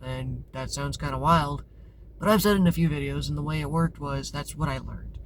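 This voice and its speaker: A man's voice: on the high side, normal speed. Candid rambling man, vehicle noise behind. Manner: rambling and candid, often restarts and corrects himself. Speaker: tarot channel host. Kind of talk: casual confessional talk to camera. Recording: clear background noise with vehicle sounds.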